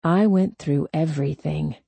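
A woman voicing a calm, hard-nosed male police officer in an audiobook, speaking coolly with quiet menace. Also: deep voice, gravelly, husky, no echo, heavily acted. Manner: cool, slow, quietly threatening. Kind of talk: audiobook character voice.

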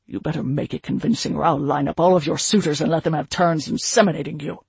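A man reading an audiobook, voicing a furious, domineering elf chieftain who growls and shouts threats at his daughter. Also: fairly high pitch, fairly even intonation, fast, creaky, slightly rough, no room sound, full character voice. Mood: menacing.

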